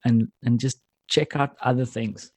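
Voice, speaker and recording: A friendly storyteller with a mellow, warm tone, a man from South Africa who is a guest on a podcast. He talks in easy, casual chat. The sound is close and dry. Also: mid-range voice, fairly even intonation, unhurried, no echo.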